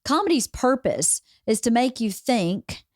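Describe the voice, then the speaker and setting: A woman's voice: on the high side, big pitch swings, a little slow, no room sound. Woman, Southern American accent, podcast host, casual chat, dry sound. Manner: warm, chatty, acts out quoted voices.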